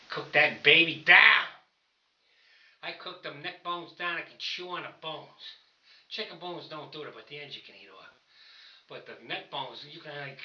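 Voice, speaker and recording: A man's voice: mid-range voice, bright, forceful tone. An older man chatting casually to camera while lifting at home, rambling and folksy as he calls his viewers fellas. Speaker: home powerlifting vlogger. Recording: roomy, distant, dull camera audio.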